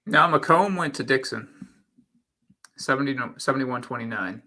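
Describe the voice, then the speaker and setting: A man's voice: mid-range voice, moderate pace, pushed and bright. A man from Michigan on an election livestream, reading county results in a matter-of-fact way. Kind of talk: casual election-night chat.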